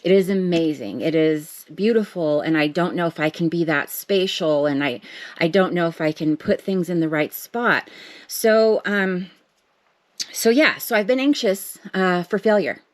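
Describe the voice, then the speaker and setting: A woman's voice: lowish voice, measured pace, no echo. A woman chatting to camera from her home art table, rambling and self-deprecating with lots of fillers. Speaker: art vlogger. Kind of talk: casual chat to camera.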